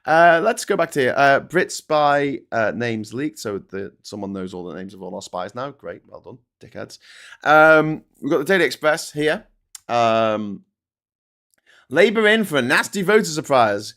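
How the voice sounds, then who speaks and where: A man's voice: mid-range voice, sing-song, unhurried, fairly bright tone. A middle-aged man with a Scouse accent, hosting a casual live news chat, reading viewer comments aloud and ranting bluntly with plenty of swearing. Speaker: host.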